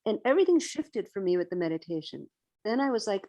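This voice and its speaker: A woman in her sixties, a guest on an interview podcast, telling a personal story in an animated way and acting out her own past outbursts. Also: medium pitch, fast talker. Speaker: interview guest, vegan educator.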